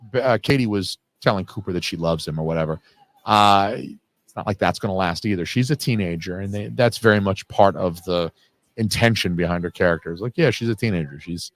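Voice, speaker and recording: A man's voice: lowish voice, no echo. A man giving a live, casual film commentary, swearing freely and wandering off on tangents with lots of fillers. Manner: casual, profane, digressive with frequent fillers.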